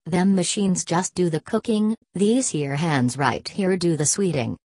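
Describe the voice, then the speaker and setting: A woman's voice: fairly low pitch, unhurried, darkish tone, dry recording, clean studio sound. A woman reading a boastful old Southern workman. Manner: folksy rural Southern dialect.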